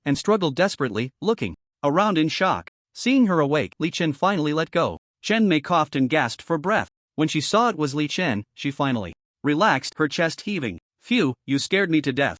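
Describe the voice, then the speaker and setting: A man narrating a fantasy story recap in a lively, dramatic scripted reading. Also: on the high side, brisk, no echo, studio quality.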